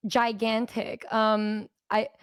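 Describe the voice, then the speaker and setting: A woman's voice: a little high, monotone, slow pace, smooth, no echo, studio quality. A woman streamer in casual chat, laid-back and self-deprecating, swearing casually.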